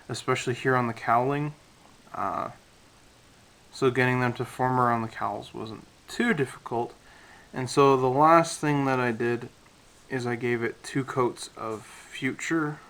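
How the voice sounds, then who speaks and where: A man's voice: mid-range voice, poor audio. Guy talking thru his model kit, chill and rambly, lots of ums, kinda out of breath. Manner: relaxed, rambling, with many fillers. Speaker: scale model hobbyist. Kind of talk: casual build commentary.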